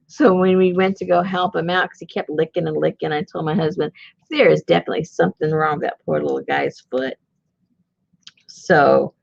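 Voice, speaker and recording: A woman's voice: sits low, vocal fry, husky, no room sound, muffled recording. A woman hosting a crafting video, chatting casually as she works and laughing often. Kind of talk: casual chat while collaging.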